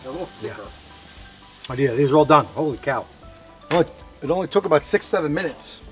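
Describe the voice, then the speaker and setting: A man's voice: on the high side, lively intonation, a little fast, fairly bright tone, soft background music. A man hosting a casual cooking segment at home, chatting in a rambling way with frequent restarts. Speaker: co-host cooking on camera. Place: home kitchen and grill.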